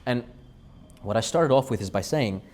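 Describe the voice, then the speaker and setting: A man giving an animated, emphatic sermon and repeating phrases for effect. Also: mid-range voice, normal speed. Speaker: Jewish speaker. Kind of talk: storytelling sermon.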